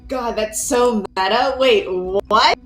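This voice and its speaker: A woman chatting as a player at a tabletop game, quick to react and helpful. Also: on the high side, faint music behind. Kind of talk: casual chat at a tabletop game.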